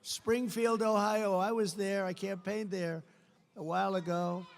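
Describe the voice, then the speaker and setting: An older man giving an emphatic, repetitive campaign rally speech, sometimes shouting, recorded in a large indoor venue through a podium mic. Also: high voice, little pitch movement, measured pace, creaky. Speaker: political candidate. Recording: long hall reverb, faint crowd ambience.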